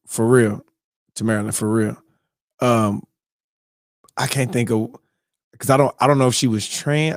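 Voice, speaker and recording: A man hosting a morning show, telling a story in a lively, excitable way and acting out his own reactions. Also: medium pitch, no room sound, studio quality. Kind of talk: animated casual storytelling.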